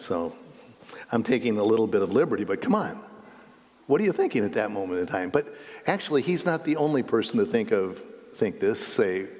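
A male pastor preaching a sermon, telling the story vividly and asking the listeners questions. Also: fairly low pitch. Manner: animated storytelling with rhetorical questions. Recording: long reverb in a hall.

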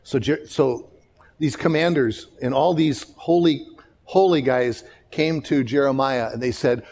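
A man's voice: mid-range voice, unhurried, vocal fry. A man preaching a sermon as pastor, telling stories and acting out the people he quotes, often restarting and repeating words. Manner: animated storytelling, acts out quoted voices.

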